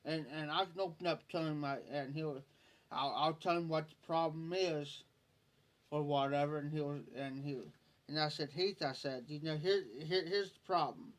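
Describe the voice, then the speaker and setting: A man's voice: a little high, fairly even intonation, normal speed. A man hosting a live stream, telling a personal story in a rambling way, often repeating himself and quoting what others said. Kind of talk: casual storytelling.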